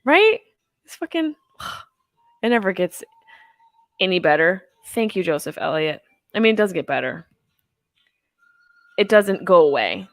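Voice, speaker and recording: A woman's voice: lowish voice, lively intonation, unhurried, long pauses, no echo. A woman in her thirties hosting a live movie watch-along from home, rambling and joking with crude humor while stoned. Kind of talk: casual live-stream chat. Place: house, at home.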